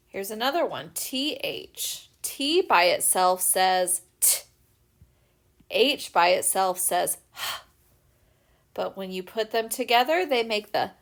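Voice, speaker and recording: A woman teacher giving a recorded spelling lesson for young children, patiently and clearly sounding out letters. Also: fairly high pitch, animated, slow. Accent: American.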